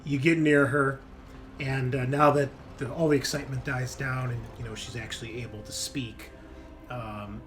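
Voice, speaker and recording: A man's voice: medium pitch, flat delivery, normal speed, music in the background. A man narrating as game master of a tabletop role-playing game, hesitant with many fillers.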